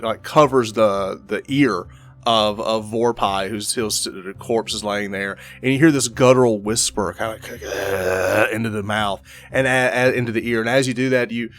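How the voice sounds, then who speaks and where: A man running a tabletop game as game master, describing the scene in a halting way full of fillers and restarts. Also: medium pitch, fairly bright tone.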